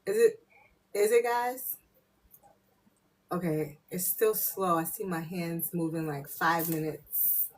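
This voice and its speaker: A woman's voice: fairly low pitch, slow, long pauses. A woman hosting a casual live spiritual reading, chatty and loose, laughing and swearing freely, and often slipping into muttered asides to her viewers.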